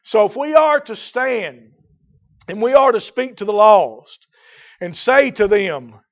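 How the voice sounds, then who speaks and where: A man preaching a sermon, swinging from loud shouts to quiet, drawn-out emphatic words. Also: high-pitched, expressive, highs cut off.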